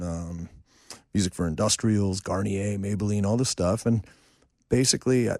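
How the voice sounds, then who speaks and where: A man in his fifties, a songwriter and producer, telling animated, self-deprecating stories in a casual interview. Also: lowish voice, no room sound, studio quality. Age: 50s. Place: home studio room.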